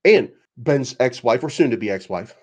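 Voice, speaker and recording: A man's voice: medium pitch, expressive, normal speed, a little mellow. Sarcastic, rambling male commentator. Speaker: crypto YouTube commentator. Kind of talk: casual ranting commentary.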